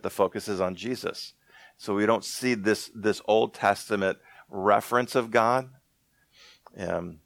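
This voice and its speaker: A man preaching a sermon in a conversational way, slowing down to read scripture aloud. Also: fairly low pitch, fairly bright tone, no room sound. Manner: conversational, restarts often, reads scripture slowly. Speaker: pastor.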